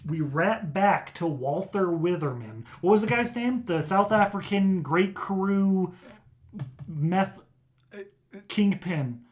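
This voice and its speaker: A man's voice: high voice, lively intonation, slow. A young man co-hosting a podcast, telling a story in a jokey, rambling way in casual chat. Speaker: podcast co-host.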